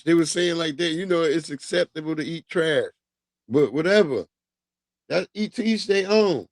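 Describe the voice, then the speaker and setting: A man's voice: on the high side, moderate pace, vocal fry, no echo. A man hosting a livestream, chatting casually with viewers in a rambling, profane way and drifting off on tangents. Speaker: livestream host.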